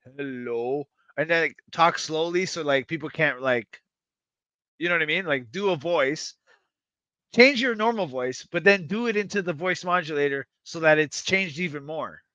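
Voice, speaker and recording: A man hosting a livestream, chatting to his viewers in a rambling, excitable, self-mocking way and swearing freely. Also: fairly high pitch, moderate pace, dry recording, highs cut off. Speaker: livestream host. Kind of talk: casual livestream chat to viewers.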